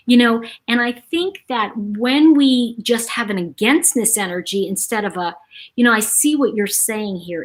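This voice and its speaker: Chatty, breathy woman host. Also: on the high side. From New York City. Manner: chatty, animated, reads viewer comments aloud. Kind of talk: casual live-stream chat.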